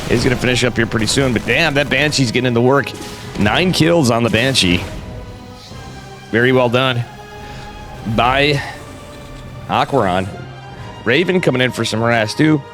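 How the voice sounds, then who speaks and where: Man with a cold, live game caster, casual and chatty, middle-pitched voice, faint music underneath. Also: normal speed, long pauses. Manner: casual, chatty, talks to viewers, jokey asides. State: has a cold. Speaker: esports caster. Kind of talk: solo live game commentary.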